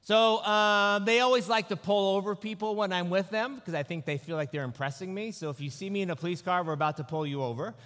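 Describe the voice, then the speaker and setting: A male pastor preaching a sermon, telling personal stories in a relaxed way with self-deprecating humor. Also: high-pitched, fast, few pauses. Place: church sanctuary. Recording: long reverb of a large hall.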